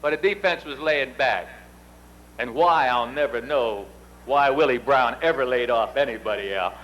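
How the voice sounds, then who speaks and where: A man's voice: mid-range voice, moderate pace, a bit bright, slight background noise, low-quality recording. Folksy middle-aged man giving a speech. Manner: folksy, anecdotal, self-deprecating. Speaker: induction ceremony presenter. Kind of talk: speech with storytelling.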